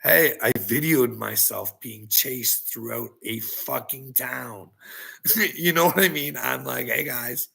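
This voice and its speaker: Gravelly, mocking man ranting at critics. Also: mid-range voice, takes it slowly, pushed and bright. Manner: taunting and mocking, laughing often; profane. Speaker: online video creator.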